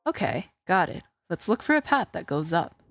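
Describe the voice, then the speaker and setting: A woman's voice: lowish voice, very animated, normal speed, fairly bright tone, soft background music. A woman reading aloud for a wry male ghost from a game, plainly and dryly.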